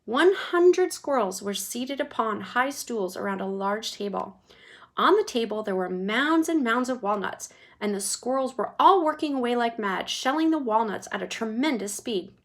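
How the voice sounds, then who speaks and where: A woman reads a children's book aloud in an expressive storytelling manner. Her voice sits fairly high and she narrates at a steady, engaged pace. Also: normal speed. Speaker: reader.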